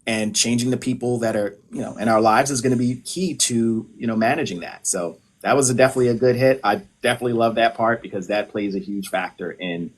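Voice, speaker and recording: A man from the United States talks through health advice in a loose, conversational way, dotting his points with filler phrases. His voice sits at an ordinary male pitch. He sounds like a practitioner speaking to viewers on a live stream. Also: fast, hardly any pauses. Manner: relaxed, explanatory, many filler phrases. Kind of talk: casual live-stream talk.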